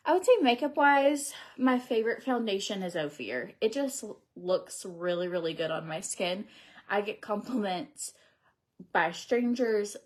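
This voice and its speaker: A woman in her thirties doing her makeup on a livestream, chatting in a rambling, casual way and often dropping to a near whisper. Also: mid-range voice. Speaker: beauty vlogger. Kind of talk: casual get-ready-with-me livestream chat.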